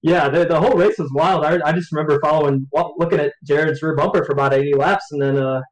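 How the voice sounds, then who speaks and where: A man talking as a race driver in a post-race interview, relaxed, laughing often and rambling. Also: fairly high pitch, quick pace, low-quality recording.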